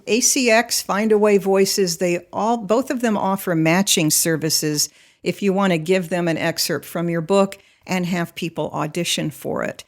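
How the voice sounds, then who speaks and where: A middle-aged American woman, an audiobook narrator, talking informally and upbeat in a professional studio. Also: medium pitch. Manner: chatty, upbeat, explaining. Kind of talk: informal talk to camera.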